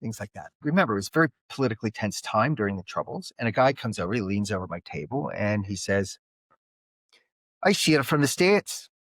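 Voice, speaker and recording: An older man with a Philadelphia and South Jersey accent speaks as a podcast guest. His voice is nasal and sits fairly low. He tells stories in a reflective, storytelling way. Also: expressive, fast talker, few pauses, dry recording. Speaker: guest, conflict mediator.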